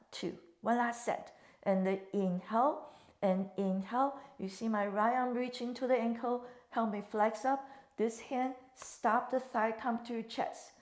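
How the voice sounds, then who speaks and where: A woman's voice: a little high, a little mellow. A woman leading a Pilates class, cueing breaths and counts in slightly phrasing. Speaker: Pilates instructor. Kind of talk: guided exercise class instruction. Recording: echoey room.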